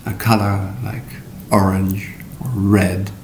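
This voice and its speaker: A middle-aged man gives a recorded pronunciation lesson in a low, gravelly voice, taking his time over every word. His slow, deliberate delivery is dotted with fillers and spoken examples. The sound carries an echoey room with a faint rumble underneath. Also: flat delivery, darkish tone. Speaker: English pronunciation teacher.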